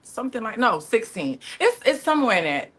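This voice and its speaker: A woman's voice: fairly high pitch, sing-song, fairly quick, a bit bright, slightly rough. A woman talking candidly as a podcast guest, chatty and open, often calling people "honey". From Miami area. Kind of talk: casual chat.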